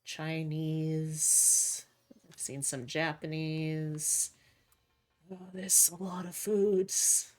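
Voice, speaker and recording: A woman's voice: low voice, slow, a little mellow, faint music behind. A woman streamer chatting casually with her viewers in a rambling, indecisive, self-mocking way. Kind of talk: casual livestream chat.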